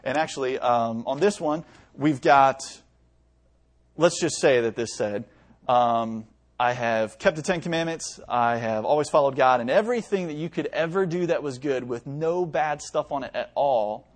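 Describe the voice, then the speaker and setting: A man's voice: medium pitch, moderate pace. A man in his thirties preaching a sermon, telling stories and using paper props with his young sons in a conversational way. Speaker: pastor. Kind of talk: sermon with object lesson.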